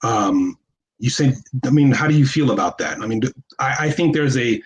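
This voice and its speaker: A man's voice: mid-range voice, a little fast, a little hiss or hum, poor audio. A man in a casual movie discussion who asks questions and often restarts his sentences with hesitation. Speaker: podcast co-host.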